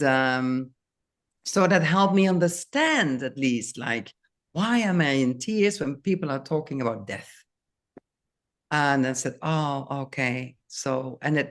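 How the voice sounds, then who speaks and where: Slow, halting older woman. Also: low voice. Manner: slow, halting, many restarts. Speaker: guest. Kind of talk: casual interview.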